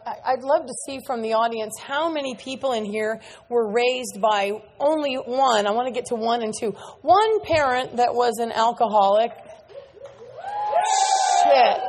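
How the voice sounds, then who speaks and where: A woman's voice: on the high side, darkish tone. Earnest woman speaking at a big meeting. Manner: earnest, candid, repetitive emphasis. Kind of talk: personal testimony talk. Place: large meeting hall with audience.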